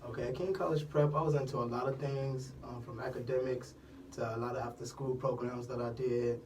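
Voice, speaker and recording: A young man speaking as a guest in a radio interview, earnest and steady about his community work. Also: mid-range voice, fairly quick. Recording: distant mic, faint room noise.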